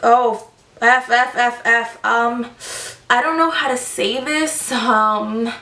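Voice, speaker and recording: A woman's voice: on the high side, steady tone, takes it slowly, sharp tone. A woman voicing a confused, flustered man who stammers and hesitates. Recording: roomy, distant mic.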